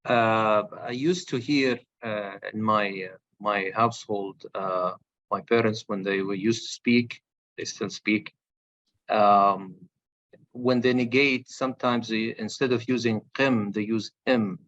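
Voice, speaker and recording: A man student in an online class, speaking haltingly with many fillers over a call. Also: on the low side, steady tone, fairly bright tone, highs cut off. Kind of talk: asking a question in class.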